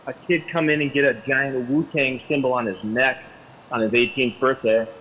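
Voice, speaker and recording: A man's voice: mid-range voice, fairly even intonation, moderate pace. Dull-sounding man on a call. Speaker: guest, band drummer. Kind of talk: casual chat. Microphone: call-in line. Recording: dull call audio with faint noise.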